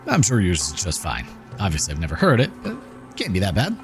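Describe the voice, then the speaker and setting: A man hosting a gaming channel, chatting in a relaxed, rambling way as he comments over gameplay. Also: low-pitched, fast. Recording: game music playing behind. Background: game music.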